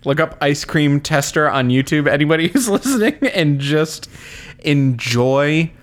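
A man's voice: fairly high pitch, a little slow. A man co-hosting a podcast in casual chat, joking and teasing, laughing often. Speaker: podcast co-host.

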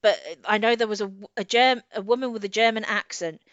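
A woman co-hosting a casual book discussion, chatty and quick to laugh, often trailing off and restarting. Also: mid-range voice, fairly even intonation, a bit bright, clean tone, dry recording. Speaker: podcast co-host. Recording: slightly dull lo-fi audio.

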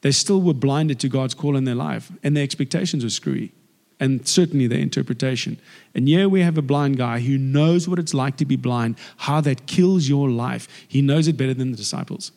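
A man giving a lively, conversational sermon and acting out the people in the story. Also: medium pitch, moderate pace, gravelly. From South Africa. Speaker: guest preacher. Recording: long hall reverb.

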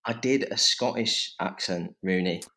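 A man's voice: deep voice, a little slow, vocal fry, bright, forceful tone. A young man, an actor guest on a podcast, chatting enthusiastically with lots of fillers and laughter. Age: young adult. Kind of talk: casual podcast chat.

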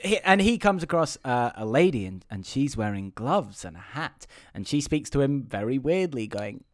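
A man co-hosting a podcast, rambling through a film recap with loud, incredulous outbursts. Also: medium pitch, big pitch swings, moderate pace, no room sound. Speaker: podcast co-host. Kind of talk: casual chat recapping a film.

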